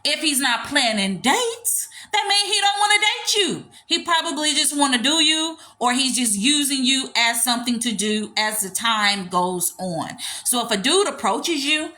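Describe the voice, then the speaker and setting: A woman's voice: on the high side, expressive, unhurried, few pauses, bright, forceful tone. A woman dating coach giving blunt, emphatic, slangy advice in a casual livestream.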